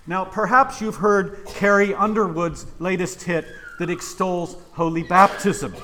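A man's voice: high voice, sharp tone. A male pastor preaching a sermon in church, emphatic and full of rhetorical questions.

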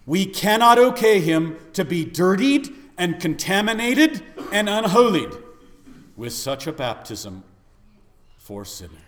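A man's voice: high-pitched, expressive, measured pace, hardly any pauses, fairly bright tone. A man preaching, acting out exasperated church members who scold their pastor in a mock-polite way. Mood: indignant. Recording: long reverb of a large hall.

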